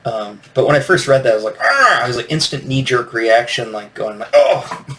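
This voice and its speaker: A man hosts a solo podcast reviewing comics, chatting casually and rambling with plenty of fillers and restarts. His voice is medium in pitch, quick, and fairly bright. He sits far from the mic, and there's a faint hiss.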